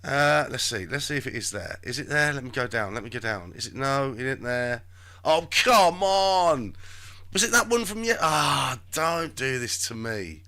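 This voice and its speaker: Male streamer, loose self-talking delivery, sharp bright voice that swings up and down. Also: mid-range voice, very animated, normal speed, few pauses. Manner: chatty, talks to himself while searching. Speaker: live stream host. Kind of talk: rambling live stream commentary.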